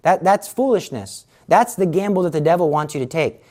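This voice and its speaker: This man's voice is a little high and darkish, animated, and fairly quick. Explaining confession in a casual Catholic teaching talk, he's earnest and urging, and he dramatizes ordinary scenes with quoted voices in a conversational style.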